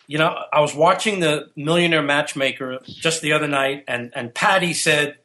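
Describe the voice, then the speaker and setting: A man's voice: on the high side, moderate pace, few pauses, pushed and bright. A middle-aged man, a relationship coach guest on a radio show, talking in an opinionated, preachy way. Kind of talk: casual radio chat.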